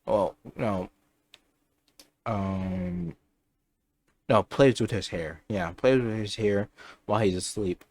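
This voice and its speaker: A man's voice: fairly low pitch, slow pace, pauses often, darkish tone. A young man casually improvising a fan story aloud, rambling and correcting himself as he goes. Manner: rambling, self-correcting, chatty.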